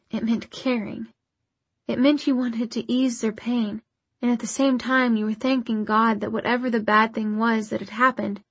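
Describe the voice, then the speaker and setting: A woman narrating a novel in a measured, even storytelling manner. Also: fairly high pitch, breathy edge, no room sound. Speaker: audiobook narrator. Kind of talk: scripted narration.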